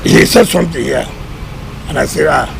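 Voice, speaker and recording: Minister, middle-aged man, high gravelly voice, combative and emphatic in interview. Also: normal speed, a little hiss or hum, rough recording. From Nigeria. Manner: emphatic, combative, repeats words. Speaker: government minister. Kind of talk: press interview.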